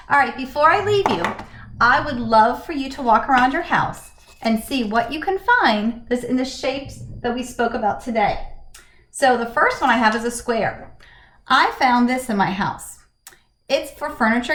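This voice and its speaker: A woman teacher giving a slow, encouraging lesson to children from her home, asking them questions in a sing-song way. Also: on the high side, a bit bright. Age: adult, married with a young son. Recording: echoey room.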